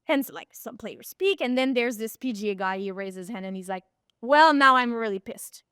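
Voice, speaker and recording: A woman guest on a podcast interview, a performance coach telling animated stories and sometimes searching for words. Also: mid-range voice, fairly quick, clean tone, no echo, clean studio sound.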